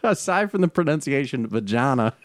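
A man co-hosting a casual chat, animated and laughing often, talking fast. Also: mid-range voice, no room sound, studio quality. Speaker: podcast co-host. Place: Los Angeles area.

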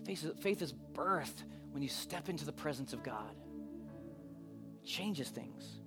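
A man's voice: on the high side, unhurried. Man preaching over music. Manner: shifts between hushed intimate moments and loud animated bursts. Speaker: pastor. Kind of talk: sermon.

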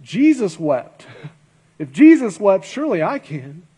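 A guest pastor preaching at a church service, a man with a noticeably high-pitched voice. He speaks earnestly and presses his points with rhetorical questions and repeated phrases. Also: sing-song, a little slow, mellow, breathy edge. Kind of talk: sermon.

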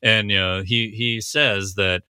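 A man's voice: on the low side, fairly even intonation, a little slow, pushed and bright, smooth, dry recording, clean studio sound. A man giving a casual, analytical scene-by-scene commentary, recapping dialogue with frequent fillers.

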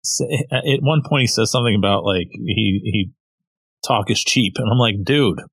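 A man co-hosts a casual podcast with a slow, easygoing delivery and frequent chuckles. His voice sits at an ordinary pitch. The recording is dry and close. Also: slightly rough, dry recording. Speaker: podcast co-host.

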